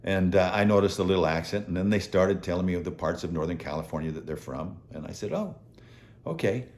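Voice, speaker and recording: Older male host, 70s, low voice, lively earnest motivational delivery. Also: fairly quick, slight background noise. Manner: earnest, animated storytelling. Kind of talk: motivational talk to viewers.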